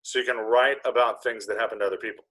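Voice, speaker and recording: A man's voice: fairly low pitch, steady tone, fast talker, bright, forceful tone, poor audio. Man reading a gloomy cynical young guy. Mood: teasing. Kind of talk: casual script read-through.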